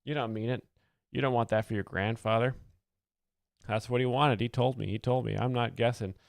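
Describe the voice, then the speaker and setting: A man giving earnest, rambling, deadpan mock-expert commentary as a comedy show host, close to the mic. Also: medium pitch, normal speed, creaky, no echo.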